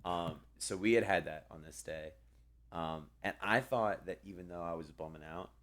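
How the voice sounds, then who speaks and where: Young male co-host, very low register, loose rambling delivery full of ums. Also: moderate pace, fairly bright tone. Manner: rambling, many ums and restarts. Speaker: podcast co-host. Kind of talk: casual storytelling chat.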